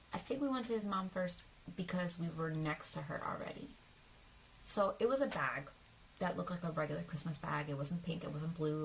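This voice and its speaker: A woman's voice: lowish voice, vocal fry, slight background noise, poor audio. A young adult woman vlogger telling a personal story in a casual, rambling way. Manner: chatty, rambling, with fillers and acted quotes.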